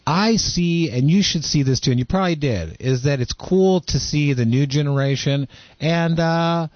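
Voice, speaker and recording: A man's voice: a little high, moderate pace, no echo, lo-fi sound. A man co-hosting a radio show, agreeable and upbeat, chiming in with casual banter.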